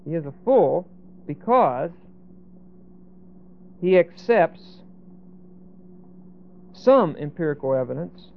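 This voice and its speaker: Guy explaining a bible verse, kinda high voice, sounds like an old phone line. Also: very animated, takes it slowly, gravelly, pauses often. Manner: explanatory, emphatic, frequent "okay?" and "see?". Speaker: Bible teacher. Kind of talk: expository Bible teaching.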